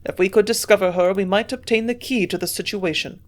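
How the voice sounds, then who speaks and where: A woman reading the part of a gruff, shrewd old German scientist in a storybook reading, speaking in a put-on German accent. His remarks come out blunt and grunting, pushed a little louder than the narration around them, with a middling pitch. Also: brisk, natural voice.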